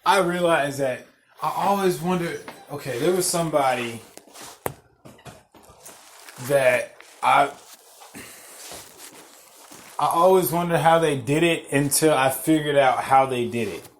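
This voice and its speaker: A man hosting a podcast, telling a story as a profane rant, swearing constantly, repeating himself and getting loud and worked up. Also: a little high, unhurried, pauses often, slight background noise. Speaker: podcast host.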